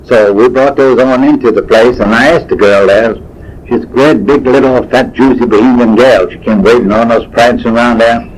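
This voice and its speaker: A man, telling folksy stories from his past in a rambling, unhurried way. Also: mid-range voice, steady tone, breathy edge, poor audio. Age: 80s. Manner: folksy, unhurried, drifting with fillers and self-corrections. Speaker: storyteller. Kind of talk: rambling spoken reminiscence.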